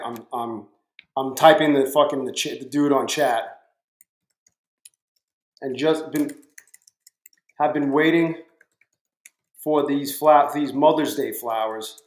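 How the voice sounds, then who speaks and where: A man's voice: mid-range voice, takes it slowly, long pauses. Profane man streaming from a roomy room. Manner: profane, talks to chat viewers by name. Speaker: livestream trading host. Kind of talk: casual live-stream chat. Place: home room. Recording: roomy echo.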